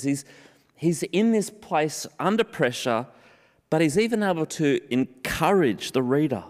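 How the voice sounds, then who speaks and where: A man's voice: on the high side, expressive, a little mellow. Earnest preacher man in an echoing hall. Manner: earnest, slows down on scripture and key phrases, repeats for emphasis. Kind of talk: sermon. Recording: long hall reverb.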